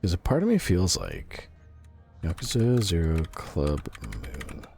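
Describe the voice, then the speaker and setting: A man with a very low voice that sounds strained and roughened from yelling, chatting casually on a game stream. His pitch swings widely between remarks as he reacts aloud and answers chat. Faint game music plays behind him. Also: wildly swooping pitch, slow pace.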